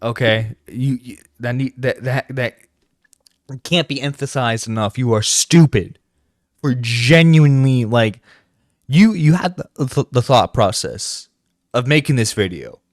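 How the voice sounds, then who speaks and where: A man's voice: mid-range voice, lively intonation, a little slow, no echo, clean studio sound. A man hosting a reaction stream, bluntly cursing and stammering through restarts. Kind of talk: profane reaction commentary.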